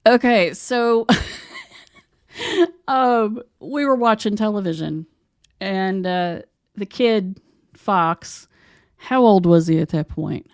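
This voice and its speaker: A woman's voice: mid-range voice, very slow, long pauses, a little mellow, no echo, studio quality. A woman from West Virginia hosting a podcast, telling stories in a chatty, rambling way. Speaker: podcast host. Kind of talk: casual conversation.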